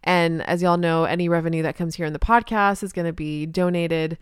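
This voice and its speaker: A woman hosts her own podcast, chatting casually on her own in an upbeat way that is full of ums. Her voice sits a little low and sounds smooth and clear. The recording is dry and close. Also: fairly even intonation, brisk, no room sound. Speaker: podcast host, social media marketer. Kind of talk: casual solo podcast talk. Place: podcast studio with couch and rug.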